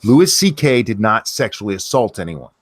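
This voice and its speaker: A man hosting a casual podcast, his voice swinging up and down in pitch as he rambles through the news. He swears freely and talks in loose, rambling runs. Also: big pitch swings, moderate pace. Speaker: podcast host. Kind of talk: casual chat, news commentary.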